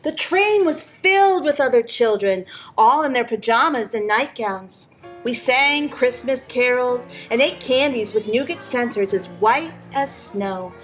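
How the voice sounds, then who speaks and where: A woman reading a picture book aloud in an expressive storytelling manner for a library program. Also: fairly high pitch, unhurried, soft background music.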